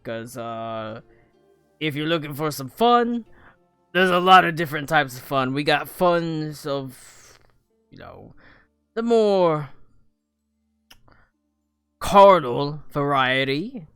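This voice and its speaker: A man's voice: on the high side, animated, takes it slowly, pauses often, a bit bright, clean tone, dry recording, clean studio sound, faint music behind, heavily acted. A man voicing a shady male local who talks in a sly, suspicious, insinuating way.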